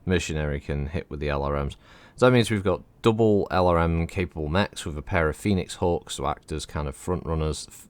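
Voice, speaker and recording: Deep-voiced man rambling over gameplay. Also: no room sound. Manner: rambling, chatty, swears freely. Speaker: streamer. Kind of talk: casual gameplay commentary.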